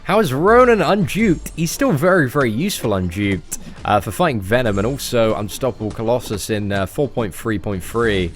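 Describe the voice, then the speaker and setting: A man's voice: medium pitch, animated, normal speed. A man in his twenties with a fairly posh English accent, chatting casually as he answers viewer questions on a live stream. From England. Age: 20s.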